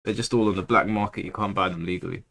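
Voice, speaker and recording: A man's voice: sits low, steady tone, fast, gravelly, fairly bright tone. Brief: London-accented man, 30s, stream host, chatty storyteller who slips into quoted voices, easygoing. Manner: rambling storyteller, acts out quoted speech. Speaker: livestream host. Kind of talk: casual livestream chat with viewers.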